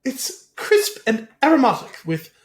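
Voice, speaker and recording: A man's voice: very high-pitched, wildly swooping pitch, a little slow. A man co-hosting a podcast in casual chat, stumbling over words as he reads aloud and laughing at himself. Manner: stumbling over reading, self-mocking. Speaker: podcast co-host. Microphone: computer mic at home.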